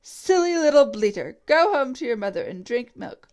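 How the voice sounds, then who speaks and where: Scheming old ape, put on by a woman reading aloud, sneering, scornful, preachy, fairly high voice. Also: sing-song, normal speed, a little mellow.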